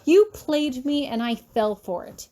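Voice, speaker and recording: Woman reading heated, defiant young student, high voice, fan fiction audiobook. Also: unhurried, warm tone. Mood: accusing. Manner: heated, raised and pleading.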